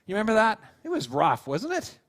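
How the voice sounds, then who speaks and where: Man preaching a sermon, higher-pitched voice, animated storytelling, casual fillers, acts out quotes. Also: a little fast. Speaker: pastor.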